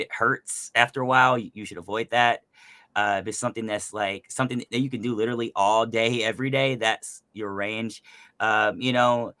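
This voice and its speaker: A man's voice: fairly low pitch, clean tone, no room sound. A man hosting a casual chat about voice acting, youthful and resonant in tone, talking loosely with plenty of fillers. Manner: energetic, loose, lots of fillers. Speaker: host and voice actor.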